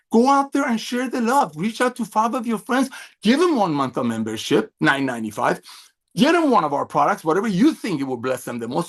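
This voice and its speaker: A middle-aged man giving an effusive, emphatic motivational sales pep talk as a company executive over a video call. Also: high voice.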